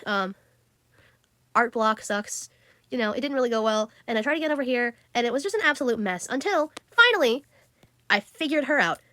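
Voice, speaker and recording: A woman's voice: a little high, lively intonation, a little fast, pushed and bright, dry recording. A teenage girl chatting casually about her drawings, giggly and full of fillers. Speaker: art vlogger. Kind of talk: casual chat.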